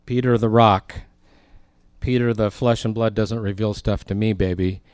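A man's voice: on the low side, steady tone, moderate pace, darkish tone, clean tone, no echo. A male pastor preaching a sermon in a conversational way, with emphatic asides as he reads and explains scripture.

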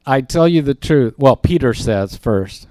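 A man's voice: medium pitch, animated, a little slow, a little mellow, dry recording, clean studio sound. A male pastor preaching a sermon in a conversational way, with emphatic asides as he reads and explains scripture.

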